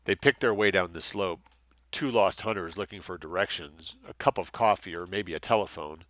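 A man reading a thriller aloud with steady, measured narration. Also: sits low, dry recording. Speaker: audiobook narrator. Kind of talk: scripted narration.

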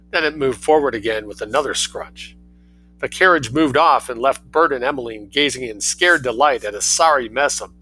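A man reading a story aloud in a relaxed, lively way, doing voices for the characters. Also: medium pitch, poor audio.

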